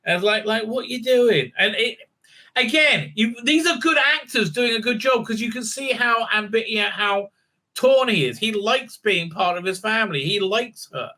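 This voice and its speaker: A man's voice: sits high, lively intonation, moderate pace, sharp tone. A man giving a casual, rambling spoken review full of fillers and restarts, acting out lines from the show as he goes. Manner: rambling, many fillers and restarts, acts out quotes. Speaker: video reviewer.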